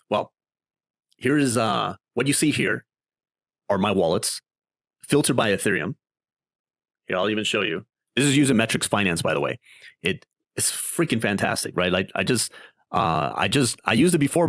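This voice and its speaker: A man's voice: fairly low pitch, dry recording, studio quality. A man hosting a casual crypto investing walkthrough, talking through his screen in a chatty way and often tagging sentences with "right?". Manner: animated and conversational, with many tag questions. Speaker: crypto investing video host. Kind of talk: casual screen-share explainer.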